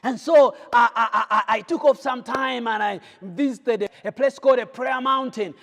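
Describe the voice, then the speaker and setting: A man preaching a sermon, fervent, swinging between shouted lines and quiet ones. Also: extremely high pitch, moderate pace. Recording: long hall reverb.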